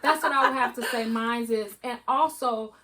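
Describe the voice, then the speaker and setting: A woman's voice: fairly high pitch, moderate pace. A woman co-hosting a casual chat, agreeable and affirming, talking about what she offers others. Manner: warm, agreeable, frequent affirmations. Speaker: podcast co-host.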